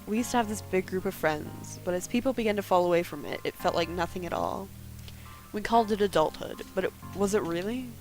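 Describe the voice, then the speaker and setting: A woman voicing a guarded, brooding woman in her thirties, reading her first-person narration and lines quietly and dryly in a game. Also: medium pitch, brisk, soft background music, close to an everyday voice, poor audio. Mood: reflective.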